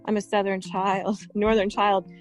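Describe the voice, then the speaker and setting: A woman's voice: mid-range voice, level tone, measured pace, soft background music. Chatty woman with a New York accent. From New York area. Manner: earnest, talkative, storytelling. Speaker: podcast guest. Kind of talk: casual conversation.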